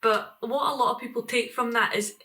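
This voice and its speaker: A woman's voice: fairly high pitch, steady tone, fairly quick, pushed and bright. A middle-aged woman, talking to camera in a casual vlog, rambling and reflective with many fillers and restarts. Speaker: vlogger.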